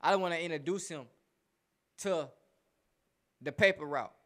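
Repetitive, rambling man with raised pitch. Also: moderate pace, fairly bright tone. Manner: rambling, stumbles and repeats words. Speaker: rapper guest. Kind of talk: casual interview talk.

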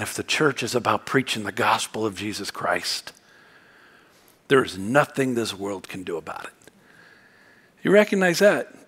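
A church pastor delivers a sermon, moving between quiet, low reflection and loud, fervent exhortation.

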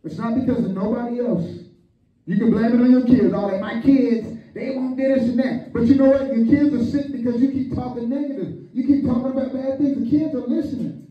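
Male pastor, high-pitched, lively preaching, big echoey church sound. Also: a little fast. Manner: animated, calls on the congregation, acts out quotes. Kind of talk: lively storytelling sermon. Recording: echoey church hall from far off, muffled.

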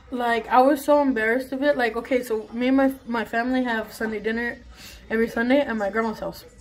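A young woman telling a story in a casual vlog, chatty and rambling with lots of swearing, filmed on her phone at home. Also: fairly high pitch. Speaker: vlogger. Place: bathroom at home. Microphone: phone camera.

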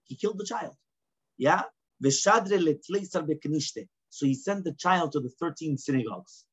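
A man leads a casual Talmud class. His voice sits fairly high and sounds husky. He reads a line of Aramaic, then explains it in English with a steady run of "right?". The recording is dull and lo-fi. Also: normal speed. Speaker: rabbi teaching Talmud.

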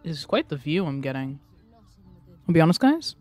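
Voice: medium pitch, normal speed, no room sound, soft background music. A let's-play gamer commenting casually and sarcastically while playing, prone to ranting. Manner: sarcastic, excitable, ranting at the game.

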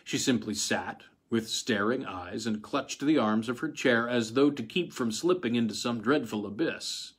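A man reading a story aloud in a measured, dramatic narration. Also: medium pitch, husky. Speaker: audiobook reader.

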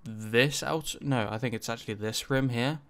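Man doing gameplay commentary, mid-pitched voice, rambling with filler words, offhand swearing. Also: moderate pace, smooth. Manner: rambling, full of ums and likes, casual swearing. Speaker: gaming channel host.

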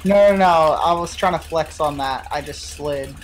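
A young man with a slightly high voice banters casually with a friend while streaming co-op gameplay, laid-back, joking, profane, and laughing often. He speaks at a moderate pace with slight background noise.

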